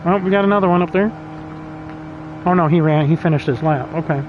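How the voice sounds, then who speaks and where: A man's voice: a little high, a little fast, narrow, tinny audio, background noise. A man casually commenting on his own sim race as a streamer, chatty and laughing often, reading out lap times. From United States.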